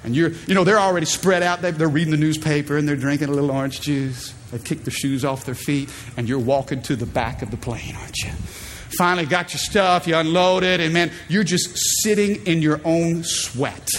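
Preacher man in his thirties, high-pitched, emphatic, drawing in the congregation; stage recording with long hall reverb. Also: brisk, a little hiss or hum. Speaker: pastor. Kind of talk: sermon. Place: church stage.

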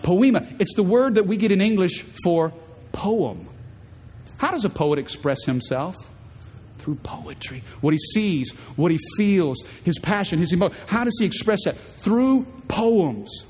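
A man's voice: high-pitched, lively intonation, unhurried, darkish tone, long reverb tail, a little hiss or hum. A man preaching a sermon as pastor, emphatic, prompting the congregation to repeat words back. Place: large church auditorium.

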